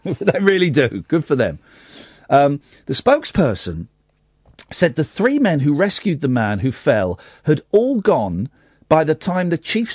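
Speaking into a studio microphone in a dry recording, this late-night radio host has a slightly mellow, mid-range voice. Between casual chat, he reads a news story aloud, breaking off for asides and self-corrections.

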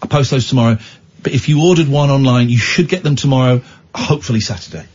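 A man with an English accent hosting a late-night radio chat show, animated and self-mocking, often breaking into giggles. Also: mid-range voice, quick pace, dull audio, a little hiss or hum. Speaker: radio host.

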